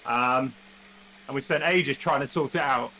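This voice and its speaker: A man's voice: mid-range voice, unhurried, sharp tone, slight background noise. A man hosting a live stream in casual chat, explaining plans and teasing his co-host in a wry way.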